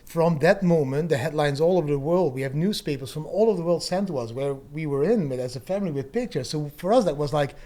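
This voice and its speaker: Fast-talking middle-aged man telling stories. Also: a little high. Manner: animated storyteller, swears freely, laughs often. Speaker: guest. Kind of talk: casual podcast chat.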